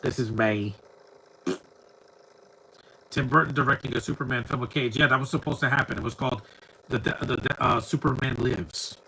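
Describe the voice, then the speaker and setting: A man's voice: medium pitch, steady tone, moderate pace, vocal fry, pauses often, sharp tone, slight background noise, low-quality recording. A man giving live, rambling commentary over a movie, talking back at the screen bluntly and often stumbling over repeated words. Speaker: film commentator.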